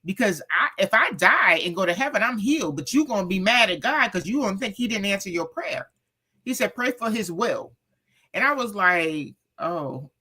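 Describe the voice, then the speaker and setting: A woman guest chatting about her family with animated storytelling, playing out each quote as she goes. Her voice is bright and clear. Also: medium pitch, moderate pace. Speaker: author guest. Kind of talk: casual storytelling chat.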